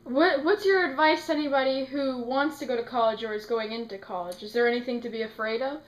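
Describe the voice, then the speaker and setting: A woman's voice: on the high side, quick pace. A girl interviewing her sister, asking questions plainly and a little hesitantly. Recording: echoey room.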